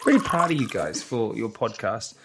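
A man guesting on a podcast, chatting in a relaxed, opinionated way. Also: fairly low pitch, moderate pace, echoey room, very noisy. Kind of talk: casual chat.

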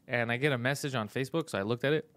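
A man's voice: mid-range voice, rapid-fire, fairly bright tone, dry recording. Profane, exasperated male podcast host. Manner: profane, exasperated storytelling with frequent laughs. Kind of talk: casual chat, storytelling.

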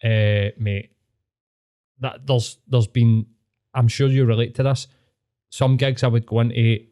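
Medium-pitched and dark, this Scottish podcast co-host talks a little slowly with a flat delivery. His casual chat mixes swearing with reflection, and he addresses his friend as "mate."

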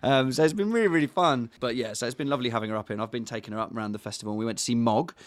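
A man's voice: medium pitch, racing, no room sound. An English man in his thirties chatting casually as a podcast co-host, rambling with fillers. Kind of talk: casual chat.

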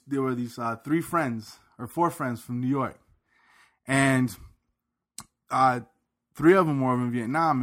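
A man co-hosting a podcast in casual chat, an animated storyteller who laughs often and repeats words as he talks. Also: mid-range voice. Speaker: podcast co-host.

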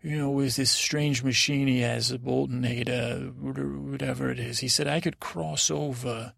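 A dreamy, easily confused young prince, played by a man drifts through a rambling sleep-story monologue. His voice is deeply gravelly and sits in a middle pitch. He halts and restarts constantly, and the sound is close and dry. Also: fairly even intonation, fairly bright tone, dry recording. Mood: wistful. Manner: halting and rambling, full of restarts and retold dialogue. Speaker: podcast host.

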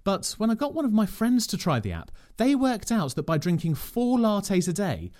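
A man's voice: high voice, very animated, normal speed, a little mellow. Dry self-mocking male narrator. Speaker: podcast host. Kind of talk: scripted narration.

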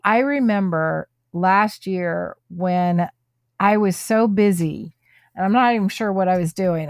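Slow, effusive woman podcast host. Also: on the low side, darkish tone, dry recording, studio quality. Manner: effusive, enthusiastic. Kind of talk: casual podcast chat.

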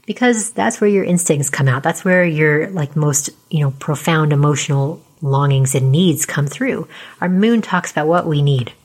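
A woman astrologer in casual explanatory talk, chatty with lots of fillers and tag questions, speaking quietly as she starts to lose her voice. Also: deep voice, moderate pace. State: losing her voice.

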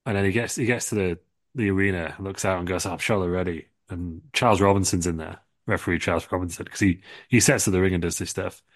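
A man's voice: deep voice, steady tone, fast, dry recording. Rambling man telling a silly story. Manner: rambling, restarts, swearing. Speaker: podcast co-host. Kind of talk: comedic storytelling.

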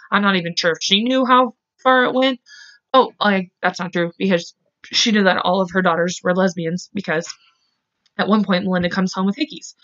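A woman's voice: mid-range voice, fairly bright tone. An American woman hosting a true crime podcast, talking in a loose, chatty way full of "like" and "you know". She swears hard when she gets worked up. The recording sounds slightly dull, like a home setup. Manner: casual, heavy with "like", swears when angry. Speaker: podcast host.

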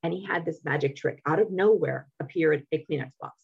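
A woman's voice: sits low, a little fast, vocal fry, slightly rough, lo-fi sound. A woman guest in a podcast interview, telling her personal story candidly and animatedly, restarting her sentences often.

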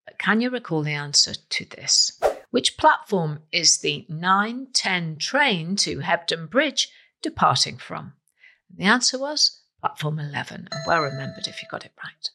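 Lively woman hosting a quiz. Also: fairly low pitch. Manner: playful, emphatic, lively delivery. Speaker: quiz host. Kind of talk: scripted quiz podcast presenting.

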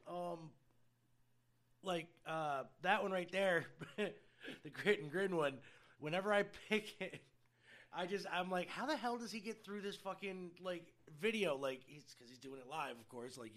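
A man's voice: a little high, fairly bright tone. A man co-hosting a podcast in casual chat, loose and profane, full of "like" and "you know what I mean.". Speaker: podcast co-host.

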